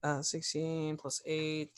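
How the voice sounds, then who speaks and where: A player speaks slowly and casually at a tabletop game, calling out dice rolls and attack damage. The voice sits at a middle pitch and carries an easy, offhand tone. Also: monotone, clear, resonant tone.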